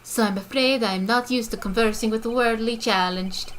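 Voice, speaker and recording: A woman's voice: fairly high pitch, fairly even intonation, normal speed, a bit bright, slight background noise, natural voice. A woman voicing a pompous, arrogant male corporate chief who talks in grandiose big words, reading game dialogue aloud. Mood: haughty. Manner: grandiose, big-word affected speech.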